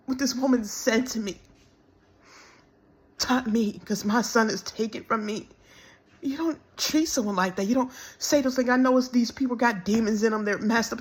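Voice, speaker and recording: A woman speaking in an emotional personal monologue, halting and repeating words, close to tears as she pleads. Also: on the high side. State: tearful, close to crying. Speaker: self-described minister.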